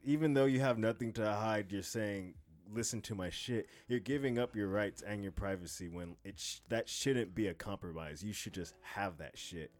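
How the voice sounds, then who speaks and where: A man's voice: lowish voice, moderate pace, few pauses. A young man co-hosting a casual podcast, talking in a rambling, profane way with lots of restarts. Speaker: podcast co-host.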